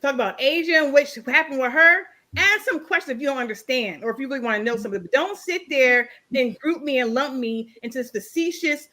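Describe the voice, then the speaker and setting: A woman's voice: sits high, lively intonation, quick pace, few pauses, pushed and bright, slight background noise. A woman guest on a podcast panel, arguing indignantly and repeating her points insistently. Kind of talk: heated panel argument. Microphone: studio microphone.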